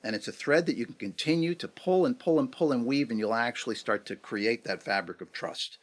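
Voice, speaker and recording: Brisk and medium in pitch, a middle-aged man from New York speaks as an interview guest. He's casual and animated, asking rhetorical questions while recounting negotiation stories.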